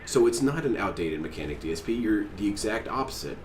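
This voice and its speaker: A man with a fairly low voice rants in a sarcastic, exasperated way as he reacts to a clip on stream. He sounds a little far from the mic in an echoey room with faint noise under him. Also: expressive, quick pace. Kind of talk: ranting reaction commentary.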